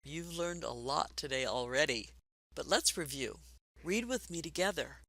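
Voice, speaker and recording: A woman teaching a basic reading lesson for adults, patient and encouraging, speaking slowly and clearly. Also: low-pitched, expressive, a bit bright, dry recording.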